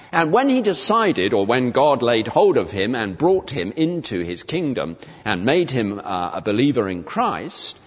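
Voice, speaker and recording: Male preacher in an echoing hall. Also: medium pitch. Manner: measured, expository, slows to stress quoted verses. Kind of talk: sermon. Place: church. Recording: reverberant church hall, dull lo-fi sound.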